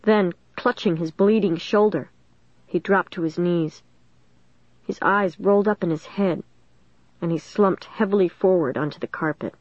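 A woman's voice: on the low side, moderate pace, darkish tone, no echo. A woman narrating a storybook in a tense, dramatic reading. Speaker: audiobook reader. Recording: dull dry recording.

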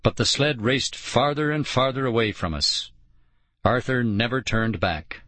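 Male audiobook narrator, unhurried and expressive, dry close-miked read. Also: medium pitch, dry recording. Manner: measured, expressive storytelling. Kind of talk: first-person audiobook narration.

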